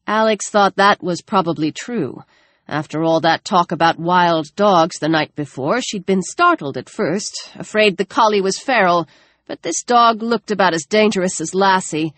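A woman narrating an audiobook in a measured, even reading voice on a close microphone. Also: mid-range voice, dry recording.

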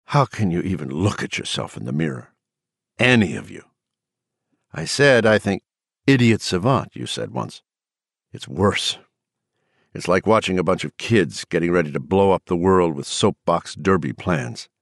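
A man's voice: sits low, creaky, breathy edge, no room sound, studio quality, heavily acted. A man voicing a bitter, ranting drunk man. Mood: scornful. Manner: ranting, sarcastic. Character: angry drunk middle-aged man, bitter and scornful. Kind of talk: audiobook character voice.

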